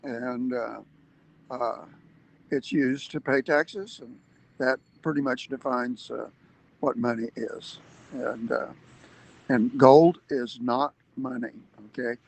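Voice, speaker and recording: A man's voice: medium pitch, steady tone, slow, gravelly, poor audio. A man giving an earnest livestream advocacy talk, explaining step by step with emphatic points and hesitant fillers. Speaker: activist speaker.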